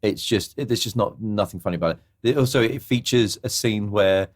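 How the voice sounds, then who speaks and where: A man's voice: lowish voice, brisk. A man co-hosting a film podcast in casual chat, retelling movie scenes. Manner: recounts scenes with exaggerated character impressions. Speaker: podcast co-host.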